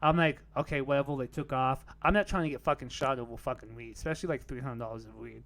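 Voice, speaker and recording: A man's voice: mid-range voice, fast, a bit bright. A young man casually telling a rambling story on a podcast. He peppers it with "like" and curse words and laughs at his own tale.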